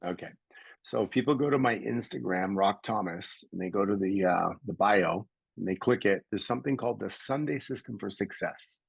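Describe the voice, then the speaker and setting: A middle-aged man from Canada, a podcast guest telling stories in a lively conversational way and acting out the voices of people he quotes. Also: lowish voice, normal speed, creaky, breathy edge, dry recording, rough recording. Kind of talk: conversational storytelling.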